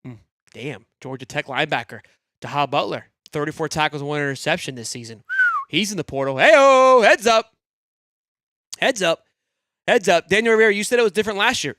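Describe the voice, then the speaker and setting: A young man hosts a live fan sports podcast, excitable and rambling, swearing freely as he swings between loud hype and low grumbling. The sound is clean studio audio with no echo.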